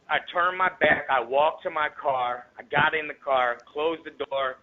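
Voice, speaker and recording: A man guesting on a radio show, telling a rambling story with lots of profanity in a casual, animated way. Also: a little high, measured pace. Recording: tinny phone line.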